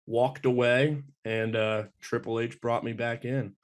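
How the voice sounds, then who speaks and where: A man guesting on a casual podcast, playful and quick to laugh. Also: mid-range voice, level tone.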